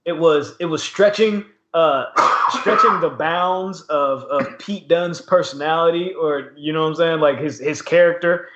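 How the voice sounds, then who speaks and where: A man's voice: a little high, unhurried, very noisy. A man co-hosting a podcast, casually recapping wrestling with lots of slang and laughter. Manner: laughing, slangy, animated retelling. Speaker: podcast co-host. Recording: echoey room, dull lo-fi sound.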